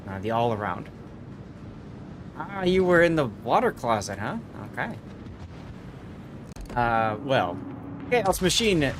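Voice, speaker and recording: Man, game streamer, casual chat, laughs a lot, repeats himself, clear background noise. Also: mid-range voice. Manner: chatty, laughs often, repeats words.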